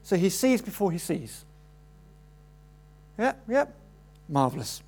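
Male preacher, animated sermon delivery, voices the story's people. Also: slow pace, breathy edge. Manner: animated, acts out quoted voices with rising pitch.

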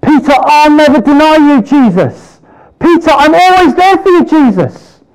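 A man voicing a boastful, then frightened apostle who swears loyalty and then denies it in high, pleading protests. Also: lively intonation, moderate pace, low-quality recording.

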